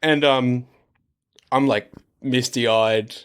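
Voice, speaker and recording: A man's voice: mid-range voice, steady tone, very slow, clean tone. A man, a podcast guest and actor, telling a story with dry humor and frequent laughs. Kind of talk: casual chat.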